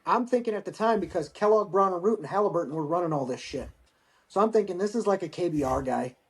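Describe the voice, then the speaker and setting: A man's voice: high-pitched, quick pace. A middle-aged man, a military veteran guest on a podcast, telling a story casually with lots of swearing and acted-out quotes. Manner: profane, animated anecdote-telling with acted quotes.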